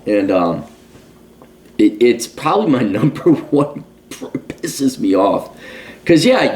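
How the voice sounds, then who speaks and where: A man's voice: lowish voice, darkish tone. Blunt, profane man ranting in his forties. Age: 40s. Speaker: podcast host. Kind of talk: casual monologue.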